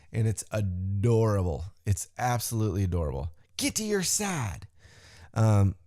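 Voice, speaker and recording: A man hosting a podcast, recapping a wrestling show in a casual, profane way and acting out the wrestlers' lines in a higher voice. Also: mellow, no room sound, clean studio sound. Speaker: podcast host.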